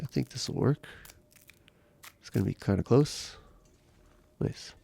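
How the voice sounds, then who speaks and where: A man's voice: medium pitch, a little slow, vocal fry, husky. A man streaming a survival game live, chatting casually with viewers while he plays, his voice nasal and stuffy from a cold. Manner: relaxed, chatty, reads chat aloud.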